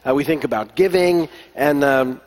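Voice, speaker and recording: A man preaching a sermon as pastor, telling stories in a relaxed way with many fillers and restarts. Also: fairly high pitch, normal speed. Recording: long echo of a large hall.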